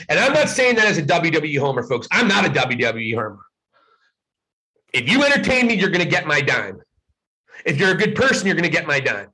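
A man hosting a live show as a fired-up, agitated solo rant, swearing and often shouting. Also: a little high, low-quality recording. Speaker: wrestling commentary host.

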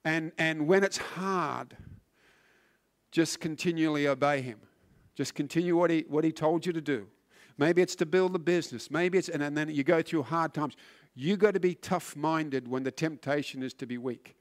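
A man preaching a sermon, earnest and emphatic, often restarting words and swinging from loud to hushed. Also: a little high, moderate pace. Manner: frequent word restarts.

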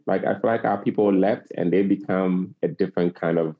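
A man's voice: deep voice, steady tone, a little fast. A man in his forties from Africa, a guest speaking earnestly and passionately, repeating phrases for emphasis. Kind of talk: earnest interview talk. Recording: slightly dull lo-fi recording.

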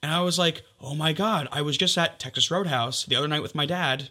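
Bright, animated young man telling a story. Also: a little high. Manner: animated, swearing, quick retelling with quoted texts. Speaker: podcast co-host. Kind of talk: casual storytelling chat.

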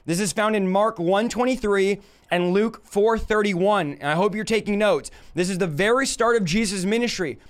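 A man's voice: sits high, moderate pace. A man preaching a live-stream Bible teaching, emphatic and full of rhetorical questions to his audience.

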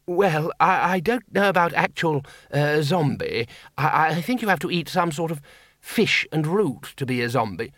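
In a clean, dry studio recording, a man pitches his voice above his natural range to play a frightened male street mugger who stammers nervously. His delivery is fairly high, lively in intonation, moderately paced and a bit bright, with a scared mood throughout.

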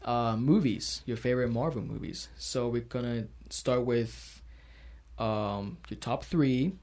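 A man at the middle of the usual pitch range hosts a casual conversation. He tells his story with animated energy and breaks into laughter often. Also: takes it slowly. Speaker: host. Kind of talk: casual chat.

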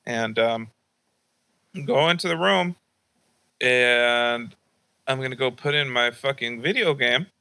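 Man storyteller, casual and profane, bright tense tone. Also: mid-range voice, slow, creaky, pauses often, clean tone. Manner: profane and rambling, full of fillers.

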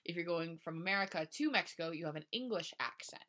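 A woman's voice: lowish voice, expressive, fast talker, sharp tone. A young woman co-hosting a podcast, joking about her old fan fiction and explaining things like a mock lesson. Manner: chatty and joking, explains things in a lecturing tone, laughs at herself. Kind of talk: casual chat.

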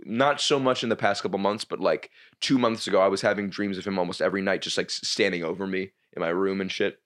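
Young comedian guy on a podcast, lowish voice, keeps restarting his sentences, swears a lot. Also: steady tone, fairly bright tone. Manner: rambling, halting with many restarts and swearing. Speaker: stand-up comedian guest. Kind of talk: casual podcast chat.

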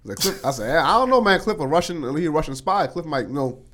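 Young man, casual podcast chat, lively pitch, fast talker, slightly high voice, acts out coworkers. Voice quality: animated storyteller, acts out coworkers' lines. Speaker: podcast co-host.

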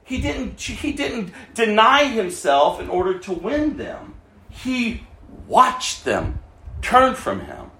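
Impassioned high-voiced male preacher. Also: huge pitch swings, takes it slowly, roomy sound. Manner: impassioned, swings from loud emphasis to hushed asides. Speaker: pastor. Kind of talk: sermon.

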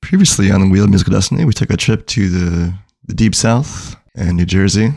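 A man's voice: sits low, fairly even intonation, brisk, creaky, darkish tone, dry recording, clean studio sound. A man co-hosting a music podcast in casual chat, laid-back with playful emcee moments. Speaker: podcast co-host.

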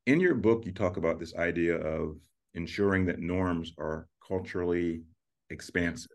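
A man's voice: low voice, moderate pace. A man hosting an interview, asking thoughtful questions and thanking his guest. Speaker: podcast host. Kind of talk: interview conversation.

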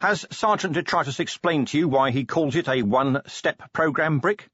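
Man voicing a tired sardonic watch commander, dry clipped delivery, husky, lo-fi audiobook sound. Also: on the high side, moderate pace, a bit bright, no room sound, pitched above the performer's own voice. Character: weary, dry-witted male city watch commander.

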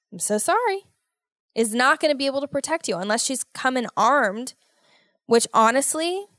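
A woman hosting a casual solo podcast, talking in an animated, worried, motherly way and exaggerating her fears. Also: high voice, dry recording, studio quality. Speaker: podcast host.

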